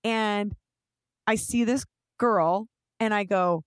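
A young adult woman casually telling an animated story, swearing offhand and acting out what people said. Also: mid-range voice, slow pace, smooth, dry recording. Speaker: guest storyteller.

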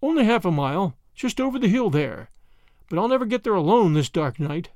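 A man's voice: high voice, sing-song, fairly quick, a little mellow, dry recording, clean studio sound. A man voicing a kindly but stubborn old grandmother who talks earnestly and frets, in a storybook reading. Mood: worried, grateful.

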